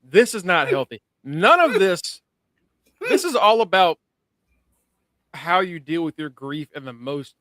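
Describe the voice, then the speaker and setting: A man's voice: fairly high pitch, unhurried, long pauses, no echo. A man co-hosting a podcast, casually recapping a TV episode with profanity and acted-out quotes. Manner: animated, profane, acts out scenes. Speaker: podcast co-host. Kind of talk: casual show review chat.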